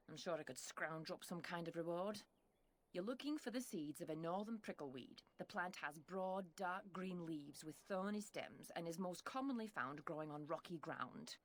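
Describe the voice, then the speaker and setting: Gruff Scottish woman botanist for a fantasy game, voiced by an actress, dry and impatient, a touch low. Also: natural voice. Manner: sardonic, grumbling. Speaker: game character.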